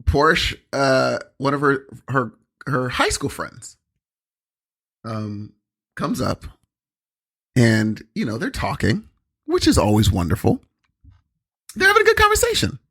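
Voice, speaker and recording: Rambling, animated man telling a story. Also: medium pitch, slow, long pauses. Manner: rambling anecdotes with many fillers and quoted voices. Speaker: podcast co-host. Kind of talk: casual chat, storytelling.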